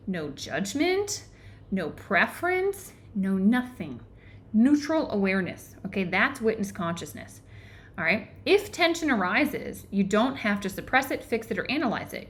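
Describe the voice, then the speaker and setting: A woman's voice: medium pitch, a bit bright. Earnest woman teaching, checking in often. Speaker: book club host and teacher. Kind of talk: live online book discussion.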